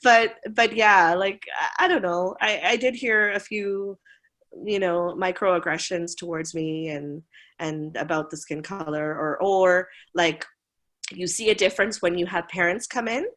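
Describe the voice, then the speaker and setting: A woman in her forties, a school administrator, telling stories in a casual interview with frequent laughs and quick acted-out quotes. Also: lowish voice. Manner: animated, laughing, voices quoted people.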